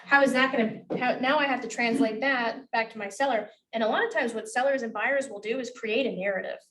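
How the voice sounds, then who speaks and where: A woman's voice: a little high, steady tone, fairly quick, fairly bright tone. A woman coaching real estate agents in a classroom. She is blunt, swears freely and acts out dialogue as she teaches. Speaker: real estate negotiation trainer. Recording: voice from a distance.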